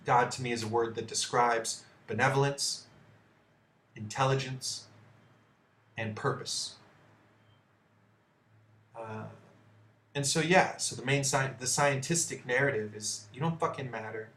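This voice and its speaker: Male host, mid-pitched, profane and heated rant, echoey room. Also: steady tone, slow, long pauses, fairly bright tone. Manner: profane, heated, blunt asides. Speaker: video host. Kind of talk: ranting commentary on news articles.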